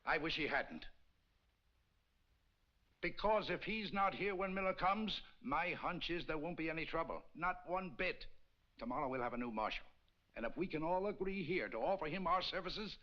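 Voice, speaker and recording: An actor playing a middle-aged man who chairs a town meeting and talks earnestly to win the room over, in a dull old film soundtrack. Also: a little high. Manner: earnest, persuasive speechmaking. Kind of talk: 1950s film acting.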